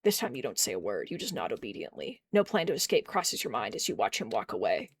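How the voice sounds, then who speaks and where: A streamer reading a narrative game aloud and chatting between passages in an expressive, jokey way. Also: medium pitch, fast talker, hardly any pauses, dry recording.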